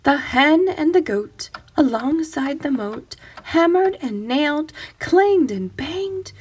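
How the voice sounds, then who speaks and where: A woman's voice: high-pitched, animated, slow, a little mellow, soft background music. A woman reading a picture book aloud to children in a playful, rhythmic, sing-song way. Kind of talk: expressive children's story read-aloud.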